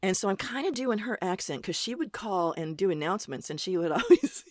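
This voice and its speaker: A woman's voice: medium pitch, sing-song, brisk, darkish tone, no echo, studio quality. A woman from Ohio who is a voice actor, chatting casually and rambling in an interview. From Ohio, USA. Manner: rambling, chatty, laughs at herself.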